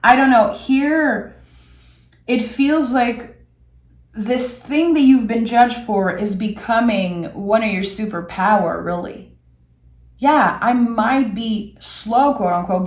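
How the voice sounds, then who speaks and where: A woman giving an intuitive tarot reading in a gentle, reflective way, with soft pauses between her thoughts. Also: mid-range voice, echoey room. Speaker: tarot reader.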